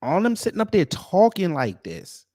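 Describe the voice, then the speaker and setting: A man's voice: high-pitched, wildly swooping pitch, normal speed, mellow, no echo, studio quality. A man from the United States giving a reaction commentary, incredulous and mocking as he talks. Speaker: YouTube commentator.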